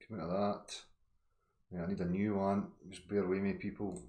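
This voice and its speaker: A Scottish man hosting a livestream, chatting casually and ranting loudly with constant swearing. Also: deep voice, flat delivery, normal speed, reverberant. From Scotland. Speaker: livestream host.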